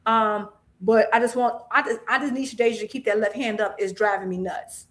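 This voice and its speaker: A chatty woman co-hosting a casual live stream who laughs easily. Her voice sits somewhat high. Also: steady tone, fairly quick, a bit bright. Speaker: boxing podcast co-host.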